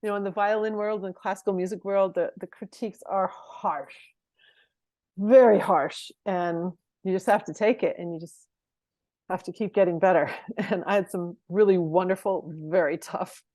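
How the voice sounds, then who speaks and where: Animated middle-aged woman coach, dry sound. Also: medium pitch, moderate pace, dry recording. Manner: animated, laughs often between phrases. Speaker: performance coach, interview guest. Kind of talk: conversational interview storytelling.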